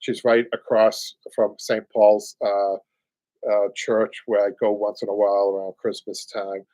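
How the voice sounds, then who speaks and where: A man's voice: fairly low pitch, level tone, unhurried, mellow, dry recording. Chatty Boston man hosting live. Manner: rambling and chatty, many fillers, chuckles often. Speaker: upholsterer hosting a live show. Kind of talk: casual live-stream chat.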